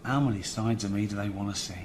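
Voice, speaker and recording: A man playing a vain comedian in a scripted sitcom, with a smug, deadpan delivery. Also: fairly low pitch, fast, background noise, natural voice. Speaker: self-important comedian.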